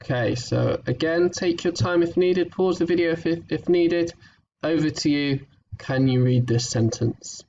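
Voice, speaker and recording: A man leads a phonics lesson for small children at a slow, patient pace, praising and sounding out words. The recording is dull and lo-fi, with a faint hiss behind him. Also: on the high side, a little mellow, distant mic. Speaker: teacher.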